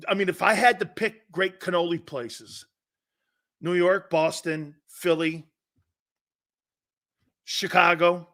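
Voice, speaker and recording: A middle-aged man hosting a sports talk show, telling stories in a lively casual way and slipping into quick mob-movie impressions. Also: high-pitched. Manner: animated storytelling, quick mob-movie impressions, laughs often. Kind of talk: casual chat.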